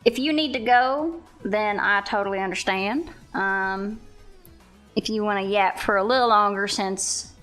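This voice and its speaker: A woman's voice: medium pitch, measured pace, a bit bright, soft background music. Southern woman rambling through a casual stream chat. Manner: rambling, with frequent fillers and restarts.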